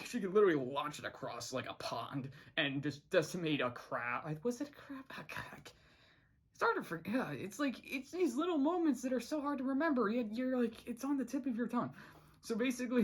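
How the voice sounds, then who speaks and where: This is an unscripted review vlog where the host rambles through an episode recap. The delivery is full of restarts and fillers. Frequent laughter and sudden jumps to a high pitch mark the funny moments.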